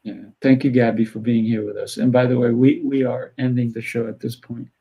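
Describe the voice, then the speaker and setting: Hosting a casual interview, a martial arts teacher talks a little fast in a mellow, breathy mid-range voice with flat delivery. He coaches in a firm tone and plays out little dialogues with kids, on a low-quality recording.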